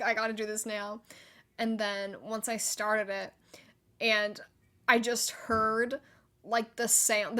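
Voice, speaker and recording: A young woman hosting a solo gaming podcast, chatty and excitable, with frequent likes and laughter. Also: medium pitch. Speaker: podcast host.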